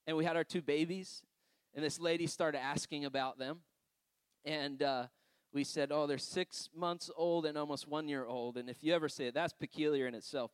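A man's voice: a little high, clear, resonant tone, no room sound. Man preaching in a chatty, laughing way. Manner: conversational storytelling, frequent laughs and asides. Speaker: pastor. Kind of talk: sermon.

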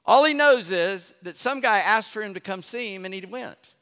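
A man from Charleston preaching a sermon as pastor, telling stories with animated energy and dropping to a hush for effect. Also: sits high, normal speed, clean tone. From Charleston, South Carolina. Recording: long hall reverb.

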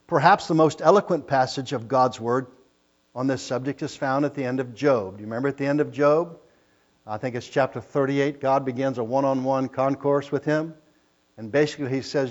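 A man preaching a sermon, reading scripture with rising emphasis and loud, drawn-out phrases. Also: medium pitch, dull audio.

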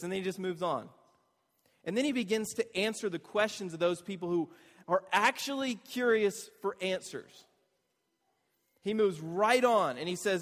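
A man with a high voice preaching a sermon in a loose, conversational way. He keeps tossing rhetorical questions at the listeners. His voice rings out with a long reverb. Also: normal speed, fairly bright tone. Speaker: pastor.

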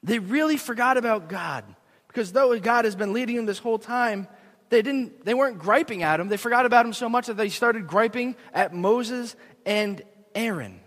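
A young man preaching a sermon in a church, earnest and animated, poking fun at himself. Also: high-pitched, normal speed. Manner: earnest, animated, self-deprecating. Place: church sanctuary. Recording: long echo of a large hall.

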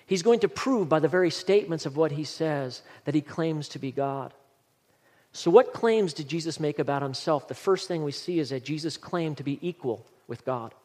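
Male pastor, emphatic sermon delivery, a touch high-pitched, recorded with long reverb in a church sanctuary. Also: a little mellow. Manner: earnest, emphatic preaching with scripture reading.

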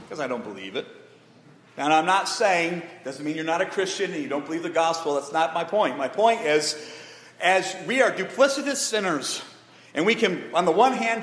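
A man's voice: on the high side, a bit bright. A man pastor preaching an emphatic sermon to his congregation, asking them questions. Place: church sanctuary. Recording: echoey hall reverb.

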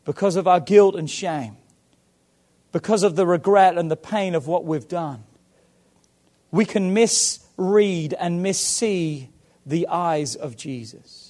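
A man preaching a sermon, swinging from hushed to loud and fervent, acting out Bible dialogue. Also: high voice, slow. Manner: acts out Bible dialogue with stammered repeats. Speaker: pastor.

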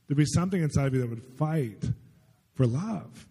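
A man preaching a sermon as a testimony story. He rambles excitedly with many fillers. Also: a little high, normal speed, creaky, slightly rough. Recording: long hall reverb.

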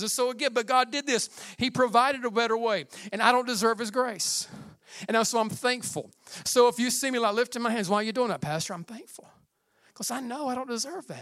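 A man preaching a sermon as pastor, passionate and building to shouted climaxes, with casual asides. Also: extremely high pitch, no echo, clean studio sound.

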